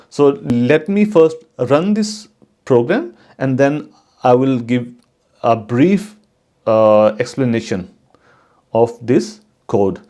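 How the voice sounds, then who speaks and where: A man hosting his own channel, giving a casual, unhurried tutorial on coding for network engineers, with frequent fillers and restarts. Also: medium pitch, dark tone. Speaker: channel host teaching network automation.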